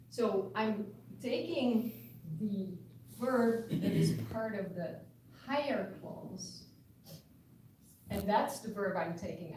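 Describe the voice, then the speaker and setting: A woman with a lowish, slightly mellow voice delivers a university linguistics lecture, patiently working through examples and often restarting her sentences. The lecture room sounds echoey, the mic is far away, and there's a little hiss or hum.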